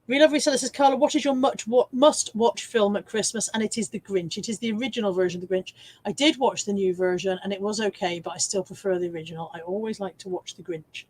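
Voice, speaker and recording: A woman's voice: mid-range voice, quick pace, slightly rough. An English woman hosting a casual live stream from home, chatting and teasing herself as she reads out viewer comments.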